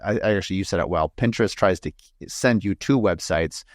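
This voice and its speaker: A man from the northern United States hosting an interview podcast in a low voice. He tells rambling stories full of asides and fillers. The sound is dry and close. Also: fairly quick, no echo. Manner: rambling storyteller, frequent asides. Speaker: podcast host and home builder. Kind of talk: casual interview chat.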